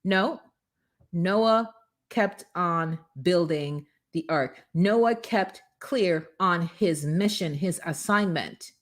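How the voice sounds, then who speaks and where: A woman hosting a live motivational morning show, coaching viewers and greeting them by name in an energetic, preachy way. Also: fairly low pitch, drawn-out words. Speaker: host.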